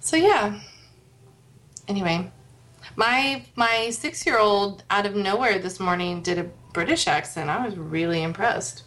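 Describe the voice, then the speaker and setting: A woman's voice: mid-range voice, expressive, measured pace, a bit bright. Chatty storytelling woman guest. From United States. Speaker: podcast guest. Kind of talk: casual chat.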